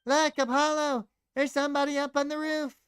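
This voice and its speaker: A man voicing an excitable young woman character in a video game, speaking urgently and scolding. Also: very high voice, unhurried, vocal fry, dry recording, studio quality, voice pushed up, full character voice. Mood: frantic.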